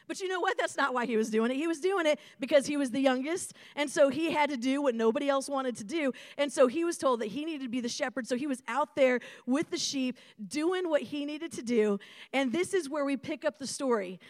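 A young adult woman preaching a sermon to young adults in a conversational, animated way, calling on the room to respond. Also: high voice, brisk, dry recording, clean studio sound.

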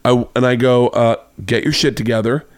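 A man's voice: mid-range voice, fairly even intonation, moderate pace, clean tone, no echo, studio quality. A man hosting a podcast, telling a long, rambling anecdote in casual chat and acting out the voices of the people in it. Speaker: podcast host. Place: home studio room.

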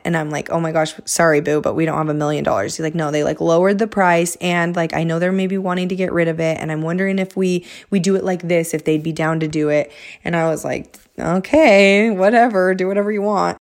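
A woman's voice: low voice, steady tone, fast. A young woman telling a personal story in a casual, chatty way, full of fillers and acted-out quotes. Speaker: vlogger.

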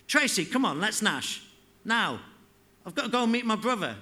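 A man's voice: fairly high pitch, animated, fairly quick, pushed and bright. A man voicing a young, scrappy boy who speaks eagerly and bluntly.

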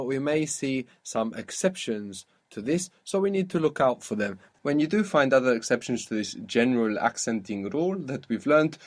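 A man teaching a language lesson, patiently drilling words and saying them slowly and clearly. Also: mid-range voice, a little mellow.

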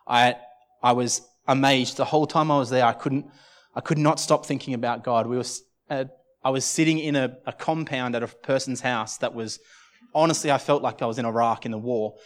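A man preaching a sermon at a church service, telling a personal story in an earnest, halting way with many restarts. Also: mid-range voice, fairly even intonation. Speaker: pastor.

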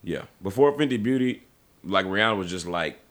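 Podcast host dude, kinda low voice, talks fast, stumbles on words a bunch. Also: male voice, expressive, a bit bright. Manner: loose, stumbling over words. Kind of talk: casual chat, reading segments.

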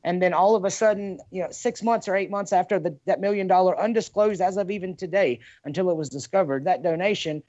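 A man's voice: sits high, fast, hardly any pauses, a little mellow, no room sound, dull audio. A man chatting casually on a podcast over a call, talking politics in a heated, profane way. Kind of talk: casual chat.

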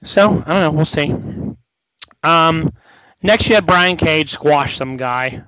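A man's voice: a little high, slow pace, bright, forceful tone, clean tone, no room sound. A man co-hosting a casual wrestling podcast, rambling and hesitant with many restarts, a bit tired. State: yawning, tired. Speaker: podcast co-host. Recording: dull dry podcast audio.

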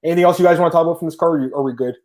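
A Canadian man hosting a podcast, talking fast and emphatically and calling his listeners "guys". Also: fairly high pitch, darkish tone. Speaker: podcast host. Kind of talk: casual podcast chat.

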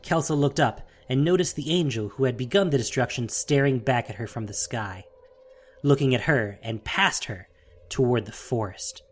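A narrator reading a fantasy audiobook in a steady, dramatic storytelling manner. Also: medium pitch, moderate pace.

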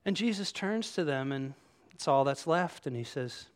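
A man preaching a sermon to his congregation, animated and conversational, acting out quoted voices as he tells the story. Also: on the high side, normal speed. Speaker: pastor. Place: church room with congregation.

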